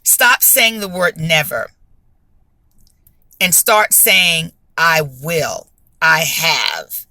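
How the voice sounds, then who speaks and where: A woman's voice: low voice, extremely slow, pauses often, sharp tone, dry recording, voice pushed down, exaggerated voice. A woman voicing a firm, no-nonsense former nun who speaks bluntly and admonishingly. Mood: stern.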